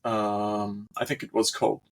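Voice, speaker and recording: A man's voice: lowish voice, level tone, a little slow. A man hosting a casual podcast, rambling and searching for words as he talks. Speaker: host.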